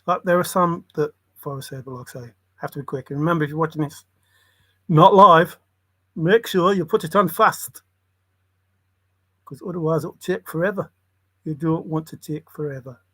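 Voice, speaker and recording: A man's voice: fairly high pitch, normal speed, long pauses, fairly bright tone, no echo. A man hosting a livestream, muttering loose word associations and breaking into bits of song. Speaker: livestream host.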